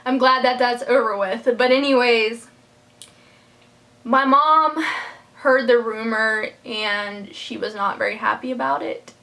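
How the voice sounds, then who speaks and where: Speaking a little slowly, a young woman with a high-leaning, bright and forceful voice tells a personal storytime vlog. Her delivery is heartfelt and rambling, packed with fillers and restarts, and she seems close to crying.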